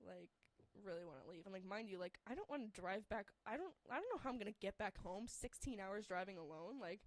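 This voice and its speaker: Animated young woman telling a story. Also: mid-range voice, quick pace, no echo. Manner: rambling, heavy use of "like", laughs through the story. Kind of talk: casual storytelling.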